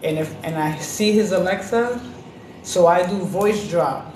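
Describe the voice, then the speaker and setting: A woman chatting casually on a podcast, telling lively stories with plenty of swearing and acted-out voices. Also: on the low side, unhurried. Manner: animated storyteller, profane, acts out other voices. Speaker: podcast co-host. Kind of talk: casual chat. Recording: roomy with background noise.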